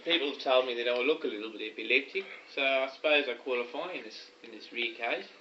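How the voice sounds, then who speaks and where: A man in an improvised comedy skit, loud and stammering, repeating his words, recorded on a home video camera. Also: medium pitch, fast, muffled recording, a little hiss or hum.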